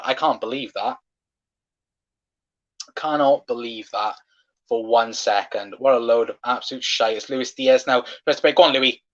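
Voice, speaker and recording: A man's voice: medium pitch, fairly bright tone. A man hosting a live football watchalong, passionately ranting and swearing at referee decisions, on a dull lo-fi stream mic. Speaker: fan watchalong host.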